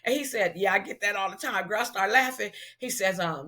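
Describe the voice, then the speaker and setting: A middle-aged woman from Los Angeles, a hairstylist telling an animated, slangy story in an interview and acting out the dialogue. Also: mid-range voice, brisk. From South Central Los Angeles, US. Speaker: celebrity hairstylist, guest.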